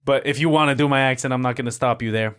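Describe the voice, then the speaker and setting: A man's voice: medium pitch, fairly even intonation, quick pace, clear, resonant tone. Brief: male podcast host, Bronx accent, playful improv energy. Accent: New York, Bronx. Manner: playful, barks set calls loudly. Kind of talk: improvised comedy bit, playing a director.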